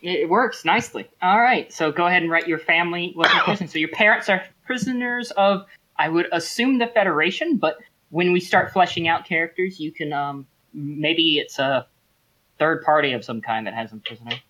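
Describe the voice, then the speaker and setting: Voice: mid-range voice, moderate pace, bright, forceful tone. A game master running a tabletop role-playing game, explaining the setting at length with many ums and restarts.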